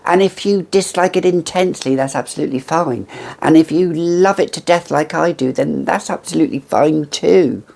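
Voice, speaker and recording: A woman's voice: deep voice, moderate pace, creaky, a little mellow. A woman in her fifties reviewing fragrances in a chatty, theatrical way with gushing asides. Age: 50s. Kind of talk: casual chat to camera.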